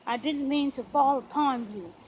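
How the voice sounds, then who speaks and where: Storybook lover: an ardent gentleman husband, soft and murmured, put on by a woman narrator. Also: very high-pitched, normal speed, slight background noise, rough recording. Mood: tender.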